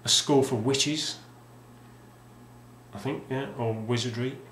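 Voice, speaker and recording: A man's voice: mid-range voice, fairly even intonation, slow, a bit bright, slight background noise. A man casually showing off his game collection, rambling and hesitant with lots of ums and restarts. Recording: roomy sound with faint ambience.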